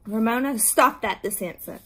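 A woman's voice: on the high side, very animated, unhurried, a little hiss or hum. A woman voicing a bossy, fretful older schoolgirl scolding her little sister in a read-aloud storybook. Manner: scolding, ordering.

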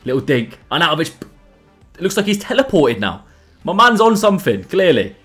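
A young man commentating his own football video game matches in a casual, excitable way, his voice jumping up at big chances. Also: a little high, a little fast, faint music behind. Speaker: gaming YouTuber. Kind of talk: gameplay commentary.

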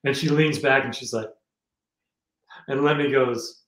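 A man's voice: medium pitch, fairly even intonation, measured pace, long pauses, a bit bright. New man telling rambling stories, roomy. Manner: rambling anecdotes with many restarts. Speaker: guest musician and filmmaker. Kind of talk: casual storytelling interview.

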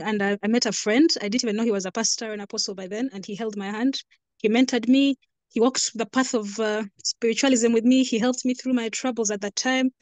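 A woman giving a casual, halting tribute over a video call, with soft talk and frequent laughter. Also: a little high, dry recording.

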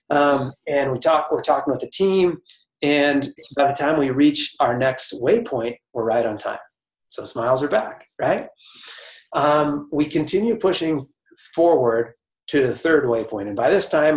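A man's voice: medium pitch, reverberant, low-quality recording. A man giving a motivational talk to a team, telling a personal story in an earnest way, restarting phrases and speaking straight to the audience. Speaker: corporate speaker.

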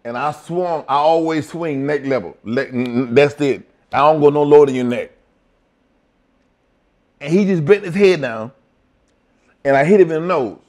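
A man's voice: fairly high pitch, moderate pace, pauses often, a little mellow. An older retired wrestler telling blunt, profane stories in an interview and acting out the lines of the people he quotes.

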